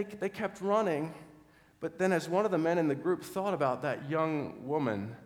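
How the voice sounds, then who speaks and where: A middle-aged man preaching a sermon, telling a story earnestly, often restarting words and dropping to a soft voice in quiet moments. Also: medium pitch. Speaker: pastor. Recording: long hall reverb.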